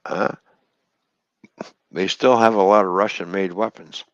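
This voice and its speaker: Stream host, deep male voice, bitter profane rant, dry and muffled recording. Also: steady tone, a little slow, no echo. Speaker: livestream host. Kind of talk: angry livestream rant.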